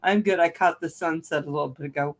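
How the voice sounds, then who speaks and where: A woman's voice: low-pitched, fast. A woman hosting a casual livestream, greeting viewers by name and laughing often as she chats. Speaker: livestream host.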